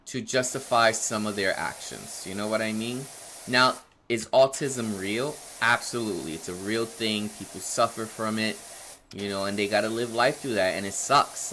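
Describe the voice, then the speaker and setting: A man in his thirties chatting casually on a live game stream, rambling, laughing often, answering chat. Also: slight background noise. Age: 30s. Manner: animated, jumps in pitch when excited. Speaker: livestreamer playing a game.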